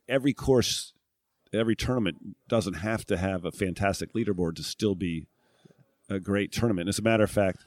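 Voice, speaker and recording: Here a former tour golfer turned broadcast analyst, middle-aged and from New England, talks reflectively as a guest in a casual interview. His fairly low voice has a darkish tone, and he thinks aloud with restarts and plenty of "uh" and "um." The audio is dry and close, without room sound.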